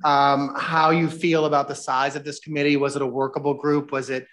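A man's voice: fairly high pitch, little pitch movement, fairly quick, fairly bright tone. A man on a school board thanks the presenter and asks two-part questions, polite with a touch of dry sarcasm. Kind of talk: asking questions at a board meeting.

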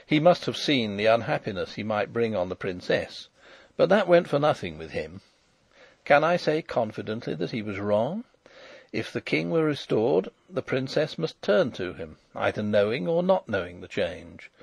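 A male audiobook narrator tells a classic adventure in the first person, with a gravelly voice and a husky edge. His pitch moves freely through a lively melody, and the recording is dry and close. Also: normal speed, dry recording.

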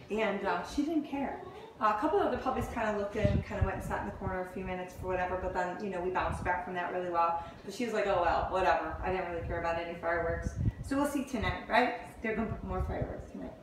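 A woman's voice: medium pitch, background noise. A woman dog trainer talking casually while coaxing a puppy through commands in sing-song calls. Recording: echoey room, far from mic.

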